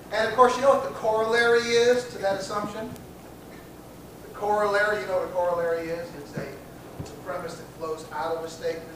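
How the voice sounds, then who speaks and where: High-voiced man lecturing in an echoey classroom. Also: a little fast. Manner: emphatic, repeats key phrases, asks the class questions. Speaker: teacher of a class. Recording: echoey room, mic far off, noisy.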